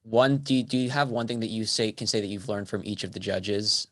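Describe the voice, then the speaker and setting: A man's voice: on the low side, flat delivery, a little fast, fairly bright tone, no room sound, studio quality. A male host asking the guest long, thoughtful questions in a podcast interview.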